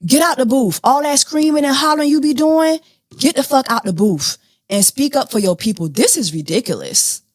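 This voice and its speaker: A woman hosting a podcast, talking through celebrity news in an animated, blunt, profane way. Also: high-pitched, normal speed, no room sound, clean studio sound. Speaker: podcast host. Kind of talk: casual celebrity news chat.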